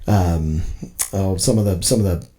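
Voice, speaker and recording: Man, podcast co-host, mellow warm tone, opinionated, rambling. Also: low-pitched, unhurried. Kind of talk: casual discussion.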